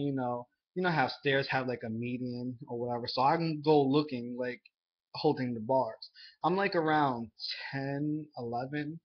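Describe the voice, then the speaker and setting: A young man telling a personal story to the camera in a halting, earnest way, full of fillers and restarts. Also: mid-range voice. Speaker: vlogger. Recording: dull lo-fi sound.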